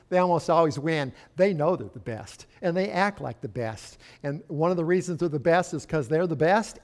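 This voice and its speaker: Chatty older man preaching a sermon. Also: on the high side. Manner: folksy, chatty preaching with asides to the congregation. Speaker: pastor. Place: church.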